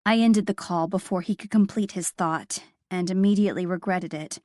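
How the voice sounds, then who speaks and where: A woman's voice: fairly low pitch, normal speed, few pauses, a little mellow, no echo, studio quality. Woman narrating a wry first-person audiobook.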